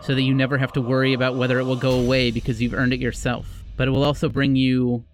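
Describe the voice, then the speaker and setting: A man voicing an older grandfather's spirit who speaks seriously and in measured words. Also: medium pitch, completely flat delivery, slight background noise, lightly acted.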